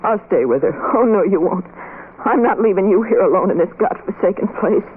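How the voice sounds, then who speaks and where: A woman's voice: medium pitch, animated, fairly quick, natural voice. An actress playing a frightened, pleading young working woman in a 1930s radio play, heard through a tinny, hissy old broadcast. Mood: anxious. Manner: anxious, pleading.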